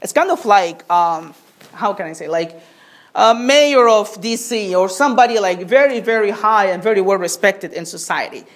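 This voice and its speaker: A woman's voice: mid-range voice, expressive, normal speed. A woman preacher delivering a sermon, asking rhetorical questions and drawing the congregation in with call-and-response.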